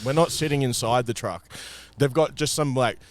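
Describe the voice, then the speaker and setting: A man's voice: medium pitch, moderate pace, no echo. A young man co-hosting a podcast, chatting casually and laughing as he chimes into travel stories. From Australia. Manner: laid-back, laughing, chiming in. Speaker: podcast co-host.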